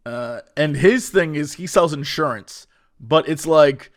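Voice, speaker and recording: A man co-hosting a podcast, trading quick jokes in casual chat. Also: on the high side. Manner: quick quips, joking. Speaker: podcast co-host.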